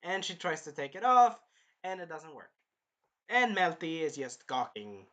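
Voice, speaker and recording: A man talks through an anime episode in a loose, rambling recap, tossing in jokes as he goes. His voice is bright and sits a little high. It swoops around a lot in pitch. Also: unhurried, lo-fi sound. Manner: rambling, animated, jokey. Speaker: anime reviewer.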